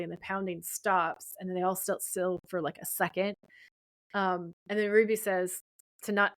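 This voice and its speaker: A woman's voice: mid-range voice, no room sound. A woman co-hosting a podcast, casually retelling a TV episode scene by scene and quoting the characters' lines. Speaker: podcast co-host.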